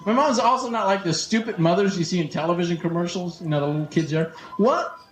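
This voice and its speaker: A man's voice: high voice, fast, reverberant. A man performing a stand-up comedy set, joking and stumbling over his restarts. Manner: joking, acts out characters, stammers on restarts. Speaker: stand-up comic. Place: comedy club stage with live audience. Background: audience laughter.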